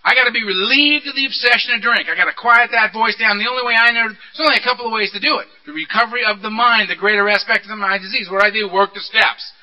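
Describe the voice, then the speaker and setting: A man speaking at a recovery meeting, candid and animated, asking rhetorical questions as he tells his story. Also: sits high, fast, hardly any pauses. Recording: dull lo-fi recording.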